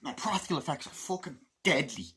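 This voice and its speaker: A man's voice: a little high, animated, quick pace, pushed and bright. A man giving a casual film review in a rambling way, with lots of fillers, swearing and laughter. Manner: rambling, full of fillers and profanity, laughs often.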